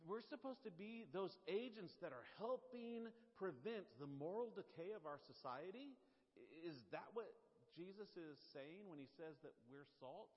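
A middle-aged male pastor preaching a sermon, telling self-mocking stories in an animated way. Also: high-pitched, moderate pace. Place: church sanctuary. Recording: dull sound in a reverberant hall.

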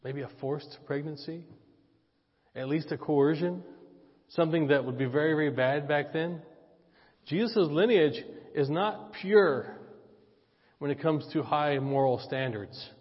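A man's voice: fairly high pitch, measured pace, pauses often. Man preaching in a reverberant church. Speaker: pastor. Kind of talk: sermon with personal story. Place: church sanctuary. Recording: dull church audio with long reverb.

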